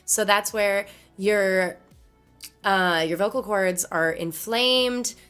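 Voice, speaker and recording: Hoarse woman live streaming, bright tense voice, blunt chatty talk, faint music in the back. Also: mid-range voice, slow pace. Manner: blunt, chatty, explains with gestures. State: hoarse from laryngitis. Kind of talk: casual live-stream chat. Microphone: studio microphone.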